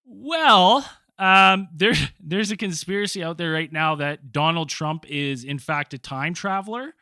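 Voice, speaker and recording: A man's voice: on the high side, lively intonation, a little slow, sharp tone, clear, resonant tone, no room sound, clean studio sound. A man hosting a podcast, telling stories in a rambling, laughing way full of fillers. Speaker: podcast host. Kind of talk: casual storytelling chat.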